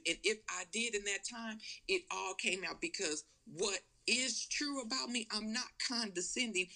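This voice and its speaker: A woman's voice: fairly low pitch, sharp tone. A middle-aged mother arguing bluntly with her adult son, cursing freely and talking over him. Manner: blunt, profane, interrupting. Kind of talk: heated family argument.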